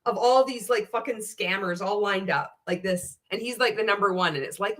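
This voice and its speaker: A woman's voice: medium pitch, a little fast, hardly any pauses. A woman hosting a candid reaction video, reading out viewer comments and giving blunt, sarcastic commentary full of swearing. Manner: animated and indignant.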